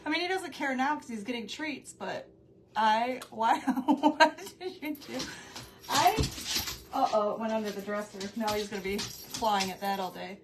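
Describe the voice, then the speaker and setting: A woman's voice: a little high, normal speed, noisy background. Chatty, giggly woman hosting a live stream. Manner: chatty and rambling, often breaking off to greet viewers; giggly, easily amused. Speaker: craft livestream host. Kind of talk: casual live-stream chat with viewers. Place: at home with her dog.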